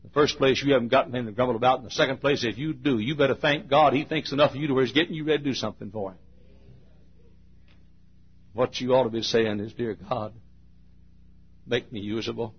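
Moving fast, this husky-voiced preacher works through a revival sermon, alternating thundering shouts with quiet asides and sing-song chanting, captured on dull audio.

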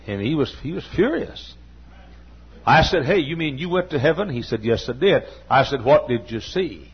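A man's voice: medium pitch, very animated, moderate pace, breathy edge. An older man preaching a sermon, telling stories in quoted dialogue and building to fervent emphasis. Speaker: pastor. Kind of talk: sermon storytelling. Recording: dull lo-fi sermon recording.

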